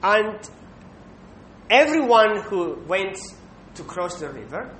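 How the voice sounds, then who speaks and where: High-voiced man preaching in an echoey room. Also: very animated, takes it slowly, fairly bright tone. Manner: emphatic, with rhetorical "Hmm?" checks. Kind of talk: sermon. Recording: echoey room with faint rumble.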